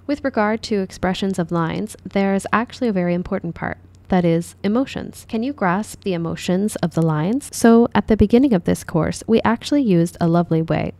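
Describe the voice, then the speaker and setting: A woman drama teacher calmly explaining an acting lesson in a measured, dubbed voice-over. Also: mid-range voice.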